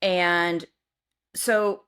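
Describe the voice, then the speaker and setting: A middle-aged woman co-hosting a podcast, telling a personal story in casual chat and acting out what she shouted back then. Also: lowish voice, very slow, clear, resonant tone. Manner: animated storyteller, acts out her own past shouts. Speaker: podcast co-host.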